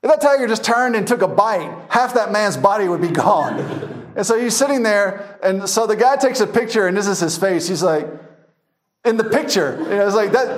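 A man teaching a verse-by-verse Bible class, telling funny stories with frequent laughter. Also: high voice. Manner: laughing storyteller, animated anecdotes.

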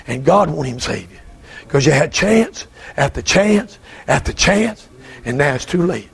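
A preacher man with a high, raspy, gravelly voice. He delivers a fervent revival sermon, swinging between loud shouts and repeated questions to the congregation. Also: very animated, moderate pace. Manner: fervent, shouting, repetitive calls.

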